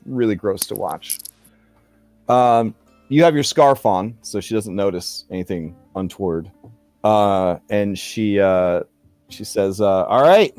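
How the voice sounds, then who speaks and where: A man's voice: fairly low pitch, takes it slowly, a little mellow, soft background music. A man running a tabletop game as game master, narrating in a chatty way full of fillers and jokey asides.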